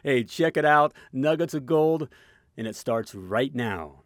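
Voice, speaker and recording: A man's voice: medium pitch, lively intonation, measured pace, rough recording. A man hosting a podcast with boastful, hyped energy and lots of fillers. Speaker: podcast host.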